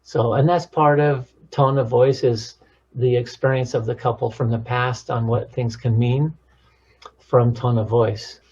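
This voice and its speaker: Slow, husky-voiced male counselor. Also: medium pitch, lo-fi sound. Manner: calm, measured, demonstrates tones of voice. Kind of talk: instructional talk on relationships.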